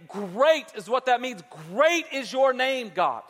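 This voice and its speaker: A man with a fairly high voice preaches a sermon to his congregation, pressing his points with emphasis. He repeats words as he restarts and slows down to land what matters. The sound carries the long reverb of a church hall. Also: animated, pushed and bright. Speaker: pastor. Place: church sanctuary before a congregation.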